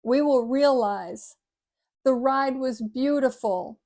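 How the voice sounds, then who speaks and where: An older woman with a soft lilt speaks in a gentle, heartfelt way, reading and reflecting on an inspirational piece for her viewers. Her voice sits high and light for a woman her age. She sounds sincere and unhurried. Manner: gentle, heartfelt, sometimes choked up. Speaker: vlogger.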